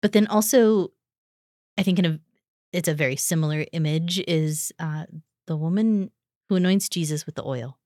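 Low-voiced woman, lively religious sister. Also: dry recording, clean studio sound. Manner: animated, quick to laugh, checks in with "right?". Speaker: religious sister, podcast co-host. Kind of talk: conversational discussion.

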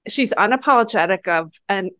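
A woman with a mid-pitched voice co-hosts a book podcast, talking casually and eagerly. Her sound is close and dry with no room echo. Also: animated, brisk, sharp tone. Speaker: podcast co-host. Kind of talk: casual book-club chat.

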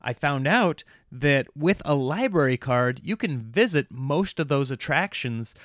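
A man's voice: mid-range voice, lively intonation, measured pace, fairly bright tone, no echo, studio quality. A man in his thirties hosting a comedy podcast, rambling in a casual, self-mocking, jokey monologue.

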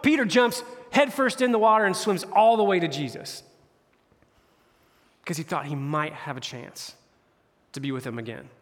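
Casual-talking pastor in a reverberant hall. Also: male voice, sits high, animated, moderate pace, fairly bright tone. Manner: retells scripture in slang, voicing characters. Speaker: campus pastor. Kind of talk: casual conversational sermon.

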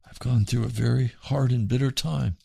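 A man's voice: medium pitch, fairly even intonation, moderate pace, vocal fry, dark tone, breathy edge, no echo. A man preaching on his radio broadcast, earnest and pleading, often repeating phrases. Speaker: radio pastor. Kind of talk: radio sermon.

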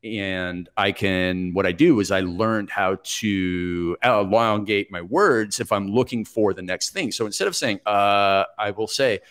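A man in his forties, a podcast guest telling stories from his life in a reflective, steady, plain-spoken way. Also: fairly low pitch, unhurried, few pauses, smooth. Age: 40s. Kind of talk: conversational interview storytelling.

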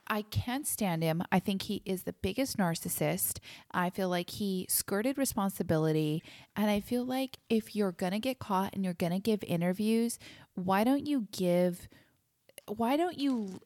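A woman's voice: mid-range voice, animated, a little slow, darkish tone, no room sound, clean studio sound. A woman co-hosting a podcast in casual true-crime chat, asking questions and giving firm opinions. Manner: inquisitive, opinionated, reacts with exclamations. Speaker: podcast co-host.

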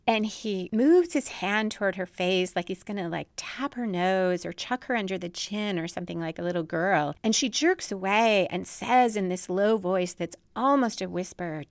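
A woman's voice: mid-range voice, lively intonation, moderate pace, few pauses, no echo. A woman talking through a television scene in casual analysis, thoughtful and often saying "like". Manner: thoughtful, with frequent filler "like". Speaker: TV episode analyst.

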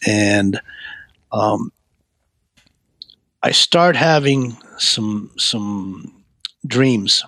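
A man's voice: fairly low pitch, expressive, drawn-out words, long pauses, pushed and bright, no room sound. A man earnestly telling his life story as an interview guest, often stumbling and repeating words. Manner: earnest, frequent stammered repeats. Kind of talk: personal testimony storytelling.

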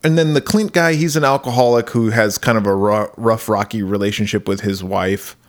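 A man's voice: fairly low pitch, fairly even intonation, brisk. A man co-hosting a podcast in casual chat, laughing often and swearing freely as he talks. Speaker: podcast co-host.

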